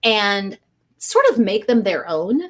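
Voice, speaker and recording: A woman book editor talking in a casual interview, animated and acting out voices as she tells stories. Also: mid-range voice, slow. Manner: animated, acts out voices when telling stories.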